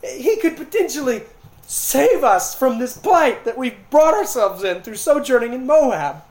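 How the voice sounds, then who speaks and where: A man's voice: very high-pitched, expressive, measured pace, a little mellow, reverberant, voice pushed up, exaggerated voice. A man voicing an elderly widow, overjoyed at sudden hope, exclaiming breathlessly as he retells the story in a sermon. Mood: excited.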